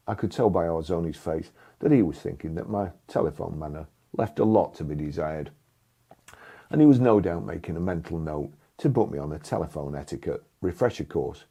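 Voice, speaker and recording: An older man from England telling a first-person story in a dry, blunt, sardonic manner, with a husky voice. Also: sits low, moderate pace, dark tone.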